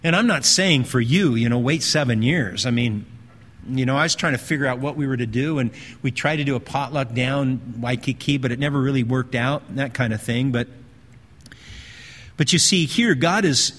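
A male pastor preaching a sermon in a conversational way, slowing down and repeating phrases for emphasis. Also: mid-range voice, fairly bright tone. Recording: long hall reverb.

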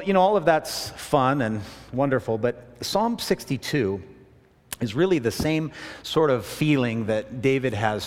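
A man preaching a sermon in a relaxed, conversational way, mixing scripture with self-deprecating stories. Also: medium pitch, big-room sound. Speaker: pastor.

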